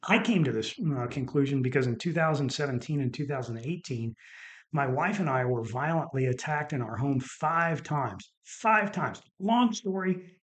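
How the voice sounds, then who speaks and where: A man's voice: mid-range voice, expressive, normal speed, a bit bright. A middle-aged man, a doctor hosting his own podcast, tells stories in an earnest, casual monologue and repeats words for emphasis.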